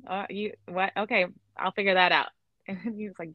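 A woman from Illinois hosting a casual podcast chat, chatty and quick to laugh, with lots of fillers. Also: mid-range voice, little pitch movement, sharp tone, no echo, rough recording. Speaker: podcast host.

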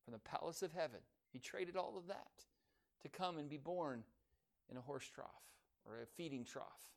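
A man preaching a sermon, building to loud emphatic declarations and dropping soft on key phrases. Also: on the high side, moderate pace, gravelly.

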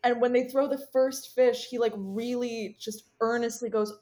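A woman's voice: a little high, normal speed, a little mellow, slight background noise. A woman co-hosting a casual podcast, talking enthusiastically and laughing often. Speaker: podcast co-host. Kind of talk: casual film chat.

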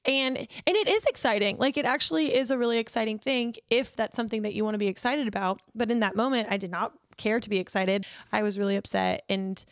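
A woman's voice: mid-range voice, fast, hardly any pauses, clear, resonant tone, no room sound, clean studio sound. A woman in her twenties co-hosting a podcast, telling candid stories and laughing often. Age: 20s. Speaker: podcast co-host. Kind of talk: casual chat.

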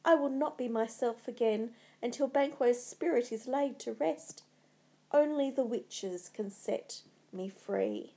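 A woman's voice: on the high side, lively intonation, measured pace, mellow. A woman reading a storybook, voicing a tormented, guilt-ridden male king who broods and then roars. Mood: despairing.

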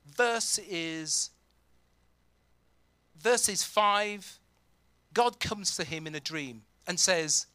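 A pastor preaching a sermon, reading scripture aloud and acting out imagined prayers with plenty of pauses and fillers. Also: male voice, high voice, bright, forceful tone, smooth, no room sound. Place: church.

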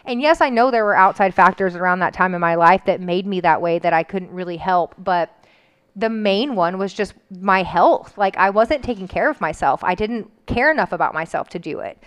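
Woman opening up on a podcast, smooth clear voice, lots of "like"s, gets emotional. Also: medium pitch, lively intonation, normal speed, fairly bright tone. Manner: candid, emotional, frequent "like" fillers. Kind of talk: personal story in casual chat.

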